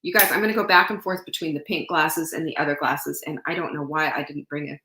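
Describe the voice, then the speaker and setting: A woman's voice: low voice, steady tone, fast talker, bright, forceful tone, roomy sound, slight background noise, rough recording. A woman hosting a live sales stream from home, chatty and rambling, getting teary and full of fillers and restarts. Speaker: livestream host selling supplements. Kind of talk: casual live sales chat.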